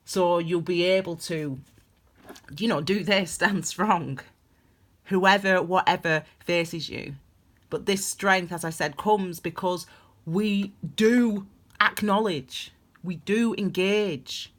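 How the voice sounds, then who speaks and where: A woman's voice: fairly low pitch, slow. Chatty, heartfelt woman reading tarot. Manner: rambling, heartfelt and chatty, with frequent laughs. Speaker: tarot reader. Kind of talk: casual spoken tarot reading.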